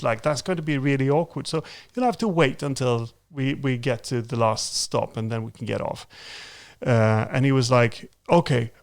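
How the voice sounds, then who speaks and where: A man hosting a podcast, spinning a lively anecdote in casual chat. His voice has a gravelly, creaky edge and sits at an ordinary pitch, and he slips into the voices of the people in his story as he goes. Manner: animated, laughing storyteller who acts out quotes. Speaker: podcast host.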